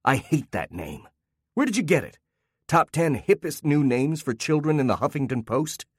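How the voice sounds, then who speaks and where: A man voicing an angry, bitter father who shouts and sneers, in a dry recording. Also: a little high, big pitch swings, normal speed, slightly rough, no room sound, pitched above the performer's own voice. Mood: sneering.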